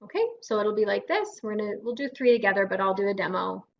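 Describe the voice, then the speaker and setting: A woman's voice: mid-range voice, fast talker, gravelly, dull audio. A Canadian woman speech-language pathologist leading a guided voice exercise class in an encouraging way. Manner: encouraging, demonstrates vocal drills.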